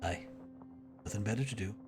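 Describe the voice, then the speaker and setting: A man's voice: lowish voice, a little fast, music in the background, voice pushed down, lightly acted. An idle, easygoing sailor, acted by a man, with a lazy drawl. He sounds in no hurry at all. The man puts him on during a game. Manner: lazy, drawling, says aye.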